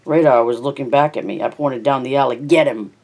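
The narrator, an amateur, talks fast in a medium-pitched, slightly mellow voice while reading a novel in the first person. Words get fumbled and then corrected throughout.

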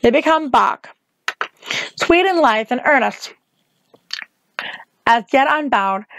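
A woman reads a novel aloud in a measured, steady way. Her voice sits a little high. The recording is close and dry, with no room sound. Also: no echo, rough recording. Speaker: reader.

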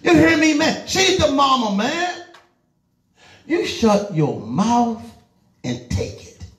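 A high-voiced middle-aged man preaching with a drawl, urging his listeners on and then dropping low. His voice rings around a roomy church hall, with plenty of echo. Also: slow. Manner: animated, emphatic, lively swings between loud urging and low asides. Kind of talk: sermon.

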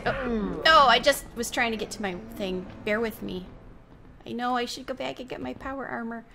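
A woman's voice: on the high side, normal speed, creaky, sharp tone, slight background noise. A young adult woman giving casual let's-play commentary, gushing and flustered as she plays. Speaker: gameplay host.

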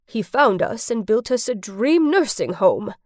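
A woman voicing a kind elderly woman in a wheelchair, speaking gently and warmly. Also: a little high, expressive, a little slow, no room sound, studio quality. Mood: tender. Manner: gentle, warm.

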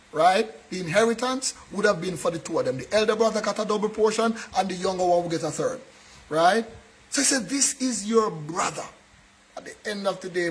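A man preaches a sermon in church. His voice sits high, and he talks earnestly, often checking in with the congregation to make sure they follow. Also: low-quality recording. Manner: earnest preaching, keeps checking in with a tag question. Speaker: pastor.

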